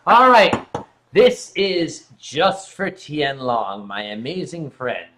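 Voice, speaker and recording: A man's voice: fairly high pitch, expressive, slow, pushed and bright. A tipsy man hosting a casual drinking livestream, reading out viewer messages and joking around. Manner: reads viewer messages aloud, joking and rambling. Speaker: livestream host.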